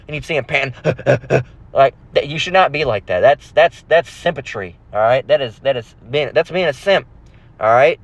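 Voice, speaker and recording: A man's voice: medium pitch, no echo, highs cut off. A man hosting a religious channel, ranting aggressively and profanely, constantly asking "all right?". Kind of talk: ranting monologue.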